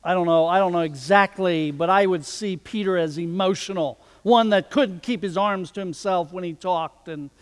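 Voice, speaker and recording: Male preacher, high voice, slow deliberate sermon delivery, hall reverb. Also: clean tone.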